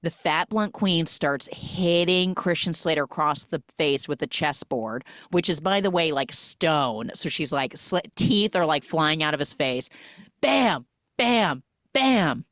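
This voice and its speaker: A woman's voice: low-pitched, measured pace, hardly any pauses, no room sound, clean studio sound. A woman on a podcast chattily retelling a film plot, full of "like"s. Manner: chatty, animated retelling with many "like"s. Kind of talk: casual podcast film recap.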